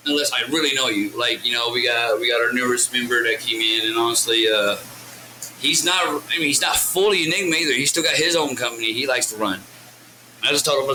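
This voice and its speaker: Profane, rambling man with a bright voice. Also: medium pitch, fairly quick, slight background noise, low-quality recording. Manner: profane, rambling, animated storyteller. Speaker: rapper. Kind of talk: casual interview chat.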